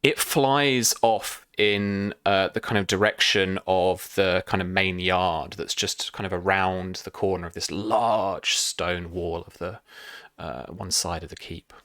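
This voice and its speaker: A man narrating as game master for a tabletop game, pausing often with fillers. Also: deep voice, fairly even intonation, a bit bright, no room sound, clean studio sound. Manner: hesitant, many fillers.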